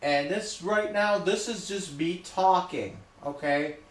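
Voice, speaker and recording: A man talking loudly in an emphatic, repetitive rant, often checking in with "okay?". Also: sits high, slow, roomy sound. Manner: loud, repetitive, emphatic, keeps saying okay. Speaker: vlogger. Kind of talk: ranting monologue to camera.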